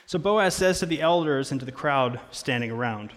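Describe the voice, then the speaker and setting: A man's voice: mid-range voice, expressive, normal speed. A man, a pastor, preaching a sermon in a casual, conversational way with playful asides. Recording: long reverb of a large hall.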